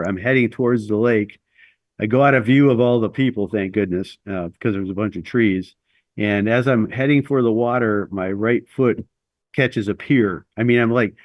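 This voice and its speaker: A man's voice: on the low side, dry recording, muffled recording. A middle-aged man telling a long personal story as an interview guest, rambling and self-deprecating with lots of fillers.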